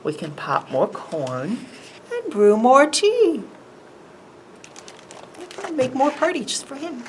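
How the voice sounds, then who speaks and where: A woman voicing a small, kind mouse in a picture-book read-aloud, high and squeaky. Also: huge pitch swings, slow pace, pauses often, a little hiss or hum, exaggerated voice, poor audio. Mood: reassuring.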